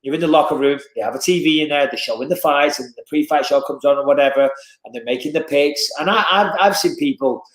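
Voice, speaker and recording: An English man telling stories in a casual podcast chat as a fight commentator, animated and swinging his voice up and down. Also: fast, roomy sound. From England. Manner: animated storyteller, lively swings in pitch and loudness.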